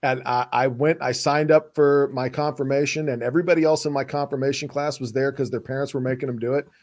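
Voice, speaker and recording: A man's voice: mid-range voice, steady tone, fast, a little mellow. A man with a Texan accent co-hosting a podcast, earnestly telling a personal story in casual chat. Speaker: podcast co-host.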